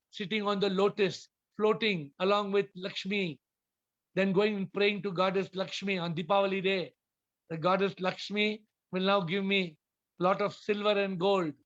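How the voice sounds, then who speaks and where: A man giving a spiritual talk on a video call, telling stories and acting out the characters in lively voices. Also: high voice. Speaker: spiritual teacher. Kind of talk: Zoom talk with story-telling. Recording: dull lo-fi video call audio.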